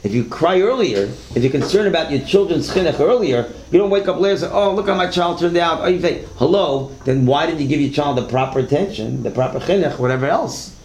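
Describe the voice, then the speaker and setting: A man's voice: a little high, lively intonation, fast, hardly any pauses, darkish tone. A man teaching a Torah class, telling stories in a conversational way and asking the class questions. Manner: conversational, repeats words, asks the class questions. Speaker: religious teacher. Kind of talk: Torah class lecture with storytelling. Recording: echoey room, faint background hiss.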